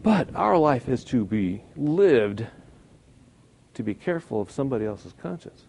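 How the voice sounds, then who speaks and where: A man teaches a church Bible class as a conversational sermon, emphatic and full of rhetorical questions, swinging between loud stresses and quiet asides. His medium-pitched voice is husky with vocal fry, sing-song, and unhurried.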